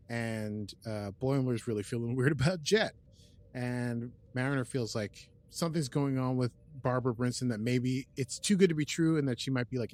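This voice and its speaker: This is a man at a mid-range pitch, chatting his way through an episode recap on a podcast. He rambles, restarts and leans on filler words. Every so often he drops into brief quoted bits of the characters' lines before carrying on. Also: darkish tone. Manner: plays out characters' lines in quick quoted asides. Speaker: podcast host.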